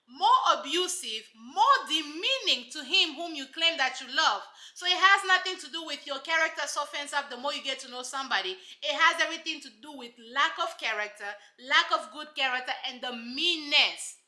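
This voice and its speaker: A woman's voice: sits high, lively intonation, normal speed, hardly any pauses, bright, forceful tone, reverberant. A woman giving casual, sassy commentary on a reality show, emphatic and full of rhetorical asides.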